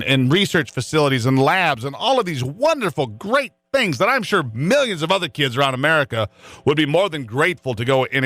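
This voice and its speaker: A man's voice: mid-range voice, fairly bright tone, no room sound. A middle-aged man hosting a talk radio show, preaching his opinions in a fiery, emphatic, repetitive way.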